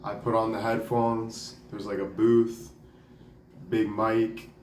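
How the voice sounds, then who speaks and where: A man's voice: on the low side, completely flat delivery, takes it slowly, a little mellow, distant mic, a little hiss or hum. A young man telling a story in a casual, rambling way, packing his talk with "like" and "dude" and swearing now and then. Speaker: vlogger and singer. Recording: roomy sound, off the mic, faint ambience.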